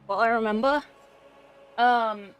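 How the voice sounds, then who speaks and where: Slow-talking woman streamer chatting with chat. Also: fairly high pitch, clean tone, soft background music. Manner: rambling, reads chat aloud and answers it. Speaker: livestream host. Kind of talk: casual livestream chat.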